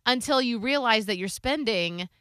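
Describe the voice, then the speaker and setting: A woman in her thirties in casual podcast chat, telling stories about her daughter in an animated way and acting out the voices. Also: fairly high pitch, normal speed, clean tone, dry recording, clean studio sound. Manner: animated storytelling, acts out her child's voice.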